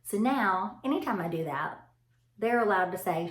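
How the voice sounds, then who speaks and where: Animated mom, echoey room. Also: female voice, mid-range voice, moderate pace, a little hiss or hum. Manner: animated, laughing storyteller who addresses viewers as y'all. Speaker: mother vlogging about parenting. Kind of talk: casual chatty monologue to camera.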